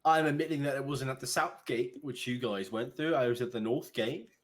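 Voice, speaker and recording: A man's voice: fairly quick, over a noisy crowd, natural voice. A man voicing a stern young town guard who barks questions in a raised, pointed, exasperated voice. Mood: suspicious. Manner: high-pitched, demanding, exasperated.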